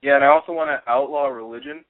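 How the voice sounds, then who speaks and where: A young male caller speaking in halting, mumbled fragments. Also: mid-range voice, dry recording. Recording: tinny phone line, dry.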